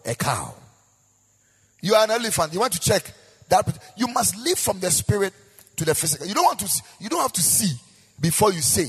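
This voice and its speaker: Husky Ghanaian pastor preaching in a hall. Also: male voice, high voice, very animated, brisk. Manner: preaching with sung, rising and falling emphasis and repetition. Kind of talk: sermon. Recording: echoey hall with long reverb.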